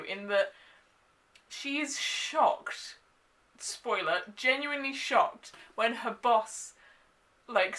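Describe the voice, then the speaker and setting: A young woman giving a casual, exasperated book review, full of "like" and quick asides. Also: mid-range voice. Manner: animated, exasperated, filler-heavy with frequent "like". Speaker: book vlogger.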